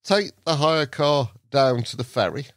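A man from England telling a story as a podcast guest. He is lively and acts out the other people in the story with short put-on voices. He is recorded on a dry close mic with no room sound. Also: medium pitch, a little slow, no echo. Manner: lively, acts out voices in his stories, laughs often. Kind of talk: anecdotal storytelling.

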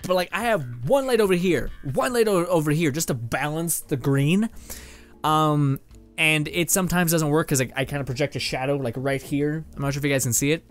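A young Canadian gaming video host gives casual, rambling let's-play commentary from a home room set up with a green screen and lights. His voice is a little higher than the typical man's and a little fast, and he laughs easily and swears freely over faint background music.

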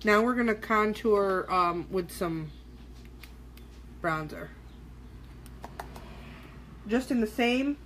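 A woman's voice: mid-range voice, slow pace, long pauses, a bit bright, a little hiss or hum. A woman hosting a casual live-streamed makeup tutorial, chatting loosely with viewers as she works, with the odd swear word. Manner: chatty, loose and profane, talking to viewers while working. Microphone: phone or webcam on a live stream.

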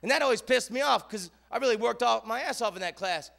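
A male comedian spinning loose, rambling stories from a stage, forever tacking "man" onto the end of a line. His voice sits high for a man and has a gravelly edge. The tone is bright and sharp. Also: animated, fast. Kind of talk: stand-up storytelling. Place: theater stage.

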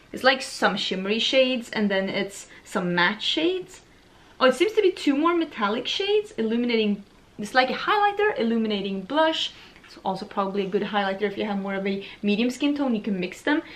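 A young woman from Sweden chatting excitedly as she unboxes beauty products for her vlog, gushing and chatty. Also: fairly high pitch. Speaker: beauty vlogger.

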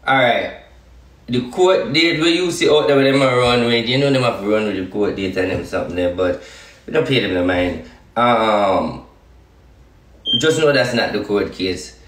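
Animated Jamaican man ranting on stream. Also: fairly low pitch, normal speed, echoey room, distant mic. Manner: emphatic, repetitive, defiant. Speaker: streamer addressing followers. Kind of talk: live-stream rant.

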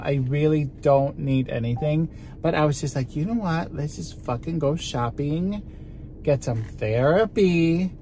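Male vlogger in a car, unhurried and profane, faint noise behind. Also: mid-range voice, a little mellow. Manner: chatty, frustrated, heavy swearing. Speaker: vlogger and singer. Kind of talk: casual vlog talk to camera. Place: in a car on a drive.

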